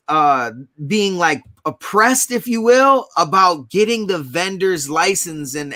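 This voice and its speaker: Male co-host, casual and slangy, stop-start delivery, high bright voice. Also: dry recording. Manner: slangy, peppers talk with "dude" and "bro"; halting, lots of restarts. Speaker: co-host of a live reseller show. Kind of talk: casual chat.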